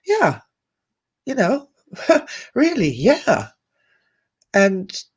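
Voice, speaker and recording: A woman hosting a live online talk, speaking earnestly in a reflective monologue, laughing softly between thoughts and replying to viewer comments. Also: on the low side, husky. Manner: earnest, musing, reading viewer comments aloud.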